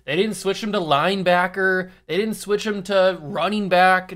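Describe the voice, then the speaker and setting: Animated young man teasing his viewers. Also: high voice. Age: early 20s. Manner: animated, teasing, slows down to stress key words. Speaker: YouTube host. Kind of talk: casual sports commentary monologue.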